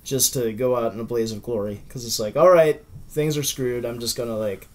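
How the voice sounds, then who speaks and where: A man's voice: medium pitch, fairly quick, a little mellow. Musing man thinking aloud. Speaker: podcast co-host. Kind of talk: casual group chat.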